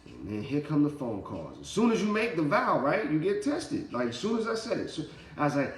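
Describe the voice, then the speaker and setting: A man's voice: a little high, huge pitch swings, brisk, few pauses, echoey room. A man giving a casual motivational talk, telling his story with slang and swearing. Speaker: motivational speaker.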